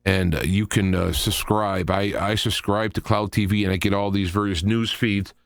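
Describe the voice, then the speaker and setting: A man with a fairly low voice talks his way through opinionated commentary, wandering from point to point as he thinks aloud. The sound is dry and close, with no room around it. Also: little pitch movement, normal speed, vocal fry, dry recording. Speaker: show host. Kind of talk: solo political commentary.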